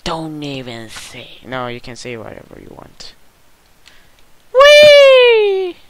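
Excitable goofy gameplay commentator, bright tone. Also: mid-range voice, normal speed, dry recording, low-quality recording. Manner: excitable, squeals and yells on jumps, goofy rambling. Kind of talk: casual game commentary.

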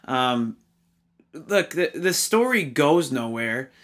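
A man's voice: medium pitch, sing-song, slow pace, a bit bright. A man hosting a casual film review, talking in an exasperated, rambling way with fillers and restarts.

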